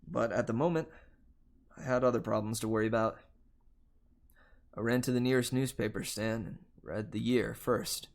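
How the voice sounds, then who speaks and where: A man reading a novel aloud on a livestream, telling the first-person story in a steady, unhurried way. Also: mid-range voice, gravelly. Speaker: livestream reader.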